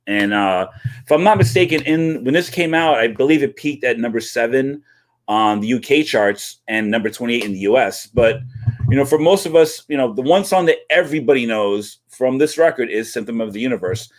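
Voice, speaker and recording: A man's voice: mid-range voice, animated, brisk. A man presenting a weekly album segment on a talk show, casual and informal. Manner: informal, casual, with many fillers.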